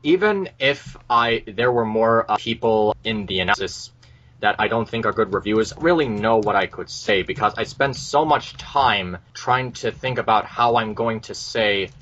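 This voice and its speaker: Man, hesitant, bright, muffled call line. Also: lowish voice, moderate pace. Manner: hesitant, many ums. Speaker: video reviewer. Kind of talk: casual group call chat.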